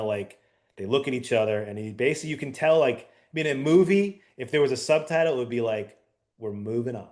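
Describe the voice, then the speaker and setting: A middle-aged man co-hosting a casual chat, telling a long story in an animated, rambling way with many fillers. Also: mid-range voice. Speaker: podcast co-host.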